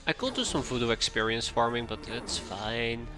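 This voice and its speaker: A man's voice: medium pitch, sing-song. Chatty man narrating his gameplay. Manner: chatty, talks to himself while playing, quick asides. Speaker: game streamer. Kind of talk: casual live gameplay commentary. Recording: faint game music behind.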